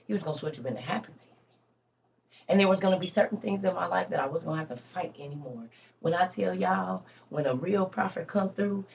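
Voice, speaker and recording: A woman who makes social media videos, casually telling a story to her viewers and breaking into loud, laughing outbursts. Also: deep voice, a little hiss or hum. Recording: voice a bit far from the mic.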